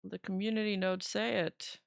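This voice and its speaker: A woman's voice: mid-range voice, little pitch movement, moderate pace, creaky, dry recording, studio quality. A woman streamer giving casual reaction commentary in a giggly, chatty way.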